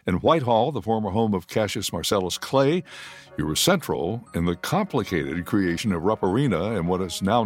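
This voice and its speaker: Low-voiced male radio host. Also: dry recording, studio quality. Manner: measured, reads prepared summaries. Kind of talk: scripted radio introduction.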